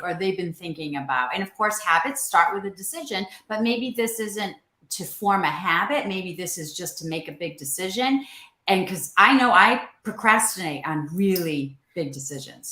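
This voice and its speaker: Bright-voiced animated woman co-host. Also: fairly low pitch, roomy sound. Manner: animated, laughing storyteller. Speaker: podcast co-host. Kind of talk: casual panel chat.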